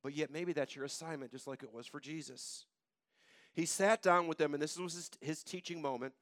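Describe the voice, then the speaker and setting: A man preaching a sermon, retelling scripture in casual everyday words and swinging between loud urgency and quiet, low intensity. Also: brisk, dry recording, clean studio sound. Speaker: pastor.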